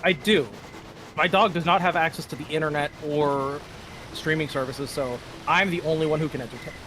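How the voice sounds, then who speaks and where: A man in a casual chat, upbeat and chatty with quick asides. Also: fairly high pitch, steady tone, noisy background. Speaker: co-host of a gaming chat. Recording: music playing behind the voice.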